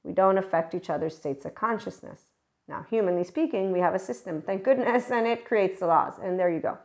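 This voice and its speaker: Woman host for a loose spiritual talk show, mid-pitched, rambles and laughs, swears freely. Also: brisk, darkish tone. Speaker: podcast host. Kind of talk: casual spiritual monologue.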